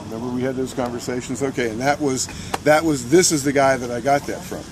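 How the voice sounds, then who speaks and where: Excitable man telling a story outdoors. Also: mid-range voice, fast, background noise. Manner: excitable, restarts and repeats words, laughs mid-sentence. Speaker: militia member recounting a protest. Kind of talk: animated first-person storytelling.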